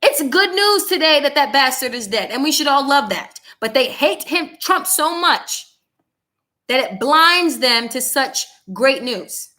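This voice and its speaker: A woman's voice: high-pitched, lively intonation, measured pace, sharp tone. A young woman hosting her own commentary show, delivering a heated, blunt monologue and repeating herself for emphasis. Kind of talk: angry political commentary monologue.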